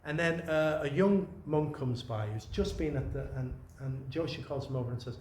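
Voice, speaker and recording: A man's voice: a little high, normal speed, slight background noise. Meandering male Zen teacher, roomy sound. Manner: meandering, conversational, many restarts and soft asides. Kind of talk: informal dharma talk. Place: meditation retreat room. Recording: roomy echo with faint ambience.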